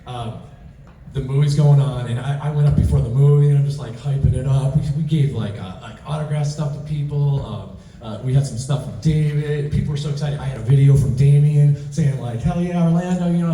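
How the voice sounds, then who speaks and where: A man's voice: mid-range voice, fairly quick. Rambling man on a convention panel. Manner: rambling, excitable, many restarts. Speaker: panel guest. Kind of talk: convention Q&A storytelling. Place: large convention hall. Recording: roomy hall, distant mic, faint noise.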